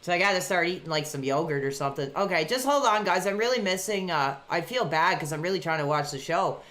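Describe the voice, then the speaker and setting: A woman chatting casually on a live stream, reading out messages from viewers and reacting excitedly to a wrestling match from a dark room at home. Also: lowish voice, quick pace. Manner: chatty, reads out chat messages between excited play-by-play reactions.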